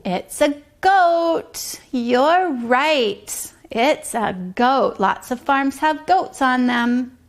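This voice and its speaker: Slow, high, sing-song preschool teacher woman. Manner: slow, sing-song, drops to whispers for guessing games. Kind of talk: preschool circle time.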